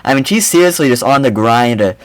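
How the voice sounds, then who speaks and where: Young man mocking a clip, lively voice. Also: mid-range voice, a little fast, no room sound, poor audio. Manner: mocking, animated, rambling with repeated "I mean, seriously". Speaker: reaction video host. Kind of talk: casual reaction commentary.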